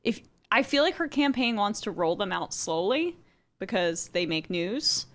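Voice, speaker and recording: A woman guest on a political talk show, offering quick, wry commentary. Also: mid-range voice, very animated, fairly bright tone. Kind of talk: casual political chat.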